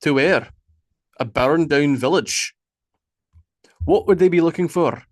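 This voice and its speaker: A man voicing a gruff, commanding Viking war leader with firm, slightly archaic speech in an audiobook. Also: on the high side, slow, no echo, clean studio sound, pitched above the performer's own voice. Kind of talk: audiobook character voice.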